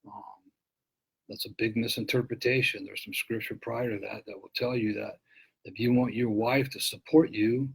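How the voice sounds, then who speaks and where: A man's voice: mid-range voice, steady tone, moderate pace, gravelly, breathy edge, low-quality recording. A man speaking as an author and recovery speaker in an earnest, reflective talk, often repeating and restarting his words.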